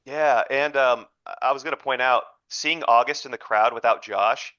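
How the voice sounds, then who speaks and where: A young man hosting a casual chat on a video call, relaxed and reassuring. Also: medium pitch, normal speed, no echo. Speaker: podcast host. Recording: dull, dry lo-fi mic.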